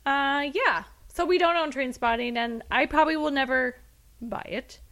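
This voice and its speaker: A woman co-hosting a podcast, chatting in an animated, laughing way. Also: high voice, normal speed. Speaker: podcast co-host. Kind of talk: casual chat.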